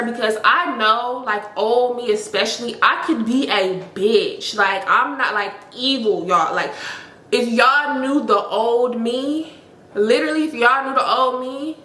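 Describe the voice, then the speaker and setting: A young woman, telling a story in a casual, animated way with lots of emphasis. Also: a little high, roomy sound, slight background noise. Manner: animated, emphatic, heavy use of "like". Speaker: storytime vlogger.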